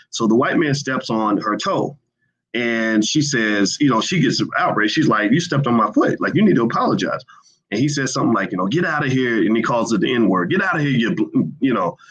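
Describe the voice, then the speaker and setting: A man with a lowish, slightly bright voice hosts a casual livestream from a hotel room, speaking loosely and conversationally with lots of fillers and restarts. The sound quality is lo-fi.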